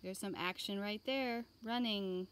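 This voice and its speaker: A woman teaching an online art lesson for young children, explaining slowly and patiently. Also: mid-range voice, slight background noise.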